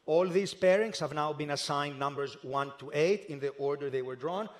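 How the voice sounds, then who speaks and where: A man with a somewhat high voice presents a live draw ceremony indoors. He talks in a formal, methodical way and pauses now and then with a small hesitation. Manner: measured and methodical, with occasional hesitations.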